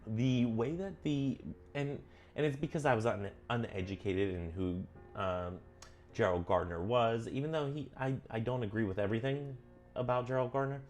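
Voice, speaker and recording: A man casually talking through a witchcraft book on his vlog, earnest and self-correcting, often drifting onto tangents, his pitch jumping up when he gets emphatic. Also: moderate pace, darkish tone, soft background music. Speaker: vlogger reading and commenting on a witchcraft book. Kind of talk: casual rambling vlog commentary.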